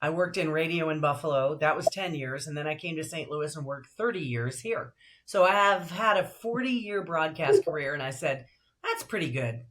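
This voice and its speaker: An older woman with a deep alto voice, a broadcaster and voiceover actress talking as a guest in a casual interview, lively and upbeat. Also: normal speed.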